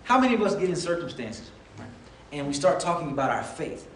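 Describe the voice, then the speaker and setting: A man's voice: on the high side, sing-song, a little fast, slight background noise. Man preaching in an echoey room. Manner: conversational preaching, acting out quoted voices. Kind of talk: sermon. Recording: echoey room, voice from a distance, faint ambience.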